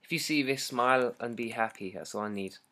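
A teenage boy with a British accent hosts a casual livestream for his fans. He reads their comments aloud in an excitable, rambling, jokey way, over a laptop mic. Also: mid-range voice, a little fast. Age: teens. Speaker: singer hosting a fan livestream. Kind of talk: casual livestream chat reading fan comments.

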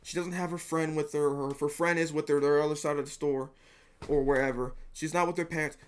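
Young man, slightly high voice, earnest and rambling, swears casually while talking to camera. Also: steady tone, quick pace, clear, resonant tone. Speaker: vlogger giving dating advice.

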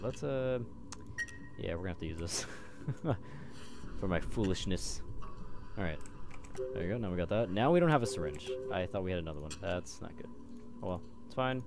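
A man's voice: deep voice, vocal fry. A young man commentating a horror game, jumpy and swearing when scared. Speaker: gameplay commentator.

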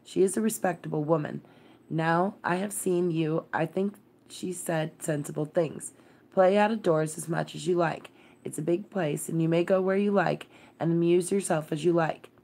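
Miserable, distracted gentleman guardian, weary and fretful, voiced by a low-voiced woman. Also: fairly even intonation, normal speed, creaky. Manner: worried, absent-minded and weary.

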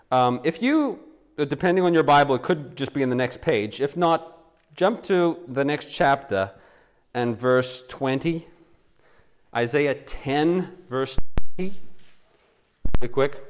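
A male pastor preaching a sermon and telling it as animated stories with acted-out quotes. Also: medium pitch, a little hiss or hum. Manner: animated storytelling, acts out quotes.

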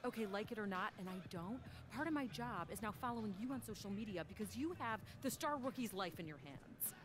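An actress playing a brisk young woman who manages a basketball rookie's image, speaking in a dry, exasperated way. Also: medium pitch, animated, over music, close to an everyday voice.

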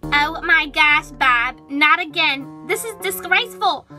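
A woman's voice: high voice, expressive, unhurried, sharp tone, faint music behind, heavily acted. A woman voicing an exasperated wife who scolds her husband in a toy figure skit.

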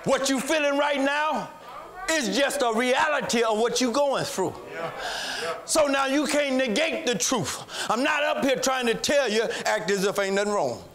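Male pastor, high bright voice, sing-song whooping sermon delivery. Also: lively intonation, a little slow. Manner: chanting, sing-song preaching that rises into shouts.

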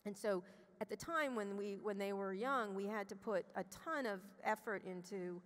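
A middle-aged woman telling a candid personal story as an interview guest on a conference stage, blunt and profane, restarting her sentences as she rushes ahead. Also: mid-range voice. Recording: long hall reverb.

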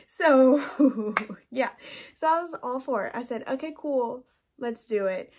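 High-voiced chatty young woman. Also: expressive, normal speed. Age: young adult. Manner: chatty, laughs often, lots of "like". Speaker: vlogger. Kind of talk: casual storytelling.

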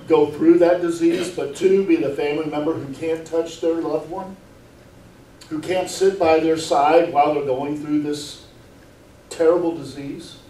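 This pastor's voice sits on the high side and is a little mellow. He preaches an earnest sermon packed with rhetorical questions, often repeating words as he goes. It's captured in a church sanctuary with an echoey room and a distant mic.

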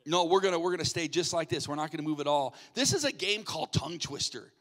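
A man, a pastor, playfully hosting a game from the stage, coaxing people up with quick jokey asides. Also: a little high, expressive, fairly bright tone. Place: church sanctuary. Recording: reverberant church hall.

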